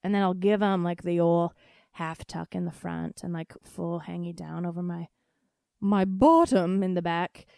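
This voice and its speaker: A woman's voice: on the low side, moderate pace, vocal fry, warm tone, dry recording, clean studio sound. A woman hosting a casual solo podcast, talking frankly and swearing freely, often laughing. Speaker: podcast host.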